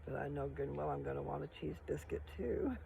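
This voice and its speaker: An older man in a casual vlog, chatting slowly about his plans while sitting outdoors, with a gravelly voice. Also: fairly high pitch, mellow, highs cut off, slight background noise. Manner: sings old songs slowly, then chats about breakfast. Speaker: vlogger. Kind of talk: casual monologue with singing. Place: outdoors sitting on a metal chair.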